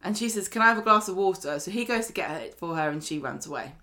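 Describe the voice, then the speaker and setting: A British woman with a somewhat low voice talks through a recap in a casual podcast chat. She retells scenes with quoted lines and laughs easily along the way. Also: lively intonation, fast, bright, forceful tone. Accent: British English. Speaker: podcast co-host.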